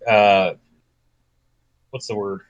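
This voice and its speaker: Low-voiced man with halting talk. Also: flat delivery, no room sound, highs cut off. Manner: hesitant, halting, repeats words. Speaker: panelist. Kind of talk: casual discussion on a video call.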